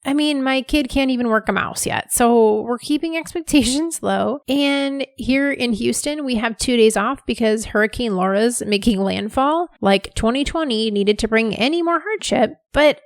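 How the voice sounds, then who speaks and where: A woman's voice: on the high side, normal speed, few pauses, no room sound, studio quality. A woman in her thirties hosting a podcast, talking candidly and casually with plenty of "like" fillers. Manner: candid and chatty, many "like" fillers. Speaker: podcast host.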